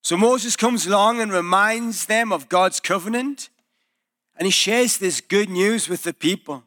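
During a church sermon, an unhurried male pastor with a high voice tells the story animatedly, dramatizing the words of those he quotes.

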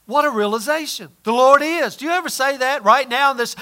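A man pastor preaching a sermon, swinging between loud emphatic lines and hushed, near-whispered ones. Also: extremely high pitch, fairly quick, few pauses.

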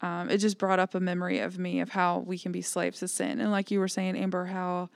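A woman's voice: lowish voice, completely flat delivery, a little fast, vocal fry, smooth, no room sound. A woman co-hosting a casual faith discussion, speaking in a thoughtful, reflective way. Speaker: podcast co-host.

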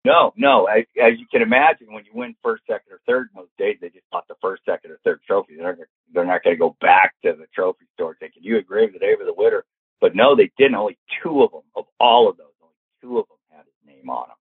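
A man spins a casual anecdote with a low, breathy voice. He acts out the people he quotes, and the sound is dry and thin, like a phone line. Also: fast, dry recording. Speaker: storyteller guest.

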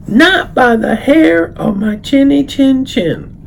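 A man voicing a small, scared little pig in a storybook read-aloud, squeaky and slow. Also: expressive, gravelly, slight background noise, exaggerated voice. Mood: defiant. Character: tiny frightened little pig, high and squeaky.

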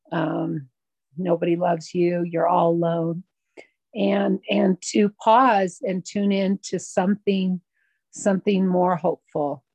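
A woman speaks at a recovery meeting in a fairly low voice, earnest and halting, often restarting her sentences. The sound is dry, with no room echo. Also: vocal fry, darkish tone. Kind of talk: personal sharing at a recovery meeting.

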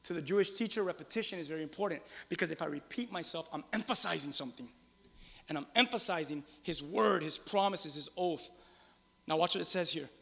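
Middle-aged man, pastor, sermon; high, bright voice, animated, loud bursts and hushed asides, echoing church hall. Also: brisk, creaky. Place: church sanctuary.

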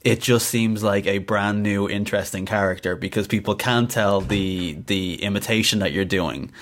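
A man's voice: on the low side, moderate pace. A man hosting an interview, chatting casually with frequent fillers and easy laughter.

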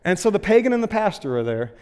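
A man giving a relaxed, conversational sermon in a slightly higher voice, peppering his talk with "like" and "um". His voice rings with a long reverb, as if the room is large. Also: quick pace, clear, resonant tone. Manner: chatty, frequent "like" and "um" fillers, laughs lightly. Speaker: pastor.

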